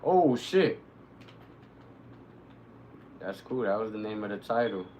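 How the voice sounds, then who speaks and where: Excitable cursing male game streamer. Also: lowish voice, slow, slight background noise, low-quality recording. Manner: excitable, swearing, shouting reactions to the game. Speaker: live streamer. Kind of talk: live gameplay commentary.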